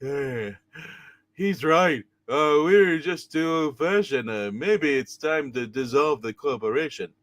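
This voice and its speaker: A man's voice: on the high side, slow, fairly bright tone. A man voicing a bumbling, gloomy male crook in a live comic reading, whiny and defeated. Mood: glum.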